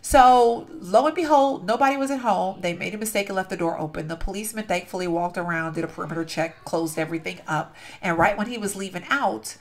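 A woman's voice: mid-range voice, a little fast. Gushing, rambling young woman gamer. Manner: gushing, rambling, easily sidetracked. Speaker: game channel host. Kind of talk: casual gameplay commentary and storytelling.

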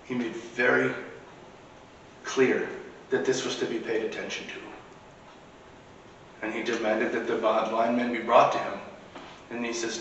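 A man's voice: medium pitch, little pitch movement, moderate pace, long pauses, fairly bright tone, highs cut off, a little hiss or hum. A man preaching a sermon in a church, in a conversational way with casual asides. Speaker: priest. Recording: echoey church recording from far off.

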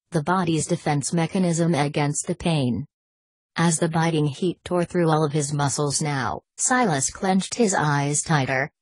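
A woman narrates a novel in a steady, measured audiobook reading. Her voice sits low with a husky edge. The recording is dry and close, with no room sound. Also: no echo, low-quality recording. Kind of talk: scripted narration.

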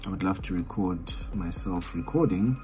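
A man's voice: low voice, normal speed. A South African man, an independent hip hop artist, chatting candidly and rambling in a casual vlog recorded on a cell phone at home. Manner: rambling, candid and self-deprecating. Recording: music playing in the background.

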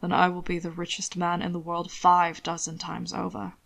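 A woman voicing a possessive, arrogant male lover in a low, murmuring tone for a read-aloud story. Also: monotone, moderate pace, creaky, a bit bright. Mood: tender.

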